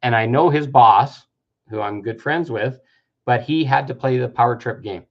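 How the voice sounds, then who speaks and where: On a dull lo-fi recording, a fifties-aged man gives a sincere self-help talk about personal growth, occasionally performing the voices of those he quotes. He speaks at a normal speed with a medium pitch.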